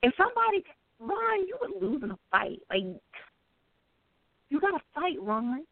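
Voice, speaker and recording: A woman's voice: extremely high pitch, big pitch swings, measured pace, gravelly, dry recording. A woman co-host in casual chat, playfully needling a friend. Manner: playful, needling, bossy teasing. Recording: tinny phone-like line.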